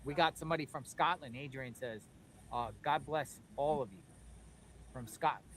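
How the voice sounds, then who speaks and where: A man's voice: medium pitch, normal speed, a bit bright, a little hiss or hum. A man from Florida hosting a livestream, reading viewer comments aloud and responding with agreement. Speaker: livestream host. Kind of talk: livestream chat.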